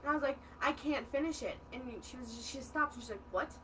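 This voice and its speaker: A young adult woman co-hosting a casual chat, telling stories in an animated way and acting out what others said. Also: high-pitched, quick pace, far from the mic, a little hiss or hum, rough recording. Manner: animated storyteller who acts out quoted dialogue. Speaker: co-host, daughter of the host.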